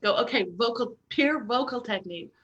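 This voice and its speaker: A woman's voice: on the high side, brisk, lo-fi sound. Encouraging woman voice coach. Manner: expressive, demonstrating sounds, encouraging. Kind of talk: casual chat with vocal demos.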